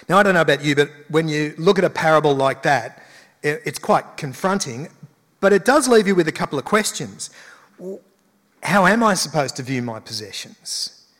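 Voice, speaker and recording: A man's voice: fairly high pitch, fairly bright tone. A male pastor giving a conversational sermon with emphatic rises. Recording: long hall reverb.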